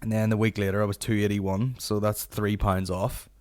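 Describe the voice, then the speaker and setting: A man's voice: lowish voice, little pitch movement, moderate pace, darkish tone. A Northern Irish man in his late twenties, hosting a podcast with a sweary, ranting comic monologue. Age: late 20s. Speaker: podcast host.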